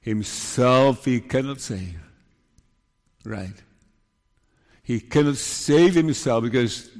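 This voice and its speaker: A man delivers a sermon at a slow, deliberate pace in a mid-pitched voice. His words ring out in a long, echoing hall reverb, as in a church or large hall. He drops to hushed, solemn tones, then builds to emphatic rises. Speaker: preacher.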